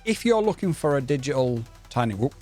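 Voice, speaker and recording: A man's voice: medium pitch, big pitch swings, brisk, darkish tone, faint music behind. A man reviewing drones in a rambling, enthusiastic casual way, often restarting and stuttering.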